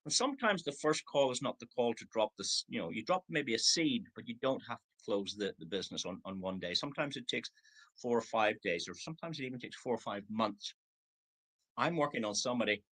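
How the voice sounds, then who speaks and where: Bright-voiced man in his sixties coaching. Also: mid-range voice, animated, a little fast, poor audio. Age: 60s. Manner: acts out prospects' replies in quoted voices. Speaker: network marketing trainer. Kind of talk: motivational training talk. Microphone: video call.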